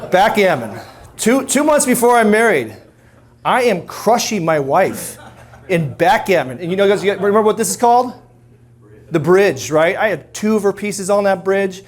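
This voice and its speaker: A man's voice: high-pitched, sing-song, moderate pace. A middle-aged man giving a casual, self-deprecating talk to a live audience, stopping often to ask them questions. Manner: conversational, self-deprecating, many restarts and fillers. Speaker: speaker at a men's ministry talk.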